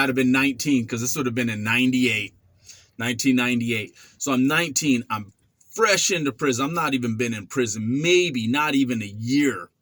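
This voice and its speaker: A vlogger in his forties tells a casual story from his past, acting out quotes and sound effects in an animated way. His voice sits in the mid-range, and there's no room sound.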